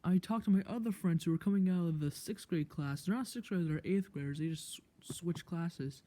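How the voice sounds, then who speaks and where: Chatty teen girl, mellow low voice. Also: brisk. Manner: chatty, rambling with asides. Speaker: vlogger. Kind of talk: storytime vlog.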